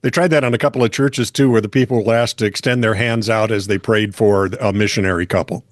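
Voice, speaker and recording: A man's voice: lowish voice, fairly even intonation, fast talker, dry recording. A man hosting a podcast, chatting casually with dry, wry asides and reading listener comments. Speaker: podcast host. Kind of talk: casual comedic banter.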